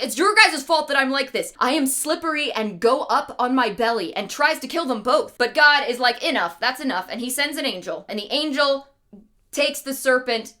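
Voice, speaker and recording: A woman's voice: a little high, bright, forceful tone. A young woman streamer casually retelling an old story with irreverent, wry asides.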